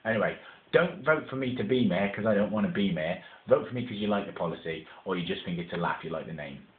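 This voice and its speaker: Man from england, mayoral candidate, rambling campaign video, low voice, tinny echoey phone-like recording. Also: expressive, fast talker. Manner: rambling, earnest, laughs at himself. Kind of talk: casual campaign video monologue.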